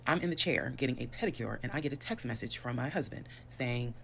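Woman in her 30s telling a long story super fast, lots of detail, gravelly voice. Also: a bass voice, a little hiss or hum. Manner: fast, animated, detailed retelling. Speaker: storyteller in a played video. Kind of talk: casual personal storytelling.

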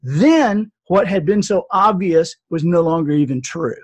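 Casting: older male author, husky, unhurried storyteller in an interview. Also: high voice, expressive. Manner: earnest, reflective storyteller. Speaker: author and speaker.

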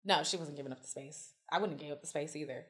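A woman guest telling stories in casual chat, animated and swearing freely as she acts out quotes. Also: sits low, quick pace. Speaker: podcast guest.

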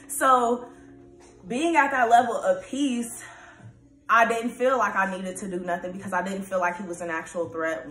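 A young woman vlogging in a casual, candid monologue, rambling with lots of fillers and often laughing. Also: medium pitch. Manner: laughs often, turns loud and animated when excited. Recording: echoey room.

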